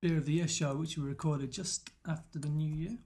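Chatty northern English man, higher voice. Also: brisk. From north of England. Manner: relaxed, chatty, laughs often. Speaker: podcast host. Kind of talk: casual chat.

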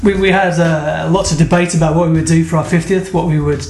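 Male podcast host, upbeat and jokey, slightly higher voice, echoey room with faint music behind. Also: fairly even intonation, fast, darkish tone, slight background noise. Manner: chatty, jokey, leads the conversation. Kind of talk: casual chat over beers. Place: room with friends, drinking beer.

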